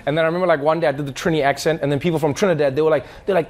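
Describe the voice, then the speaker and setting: A man doing stand-up comedy, telling stories with lively voice impressions. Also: on the high side, rapid-fire. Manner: animated storytelling with playful voice impressions. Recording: live room with crowd noise.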